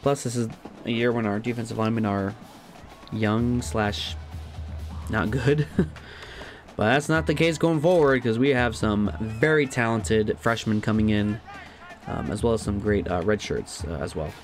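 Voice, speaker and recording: A man giving casual let's-play commentary on a football video game, chatty and thinking aloud, laughing at himself and jumping to loud shouts at big plays. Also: on the low side, normal speed, faint music behind. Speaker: gaming commentator.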